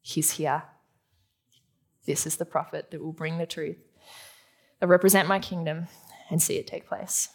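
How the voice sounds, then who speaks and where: A woman preaching a sermon, her voice slightly low and gravelly. She teaches as she goes, putting questions to the congregation and answering them herself. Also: steady tone, unhurried, long pauses. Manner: teaching, asks the audience questions.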